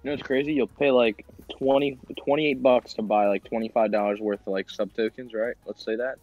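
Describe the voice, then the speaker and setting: A man's voice: mid-range voice, fairly even intonation, brisk, faint music behind. Joking man chatting over a muffled mic. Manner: joking, teasing, laughs often. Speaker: player. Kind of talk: casual gaming chat.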